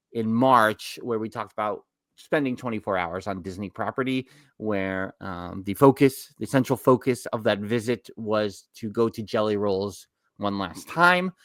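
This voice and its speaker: A man's voice: on the low side, unhurried, fairly bright tone, no room sound. A man in his forties with a New York accent, co-hosting a casual theme park podcast and telling rambling stories that he keeps correcting mid-sentence. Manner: rambling, self-correcting storyteller. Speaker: podcast co-host. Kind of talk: casual chat.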